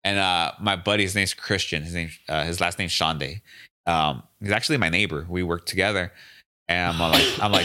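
A man's voice: low voice, fairly even intonation, brisk, pushed and bright. A young adult man, a podcast guest, telling a story in a loose, profane, casual way and acting out the voices of the people in it. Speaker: podcast guest, gym owner.

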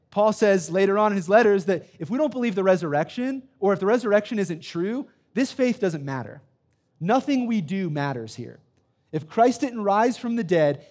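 Emphatic male preacher, fairly high voice. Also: darkish tone. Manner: emphatic preaching with repeated "right?" and a personal story. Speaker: student pastor. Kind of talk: sermon. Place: church sanctuary.

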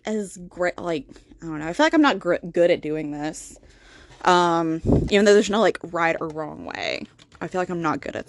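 A woman's voice: lowish voice, no echo. A woman hosting a solo podcast, rambling and self-deprecating with lots of ums. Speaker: podcast host. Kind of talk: casual solo podcast chat.

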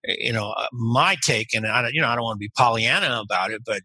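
Tense, husky man, halting speech. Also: mid-range voice, sharp tone, no echo, rough recording. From United States. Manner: halting, repeats words while searching for them. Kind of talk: casual conversation.

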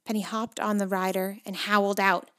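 A woman narrating a children's storybook, moving between hushed whispers and excited, louder passages. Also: mid-range voice, moderate pace. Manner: expressive, shifts between hushed whispers and loud excited calls.

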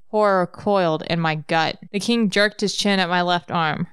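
A woman reading a fantasy novel aloud in a measured, even narration. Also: fairly low pitch, clear, resonant tone, no room sound, studio quality. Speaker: reader.

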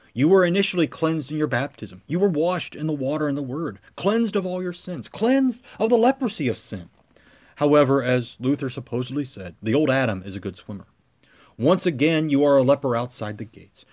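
A man preaching a sermon as pastor, with a measured cadence that swells into emphatic lines. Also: a little high.

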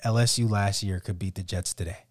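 On a studio-quality recording with no echo, a man with a lowish voice talks fairly quickly as co-host of a sports podcast. He rants animatedly about football in casual banter, restarting often and drifting off on tangents.

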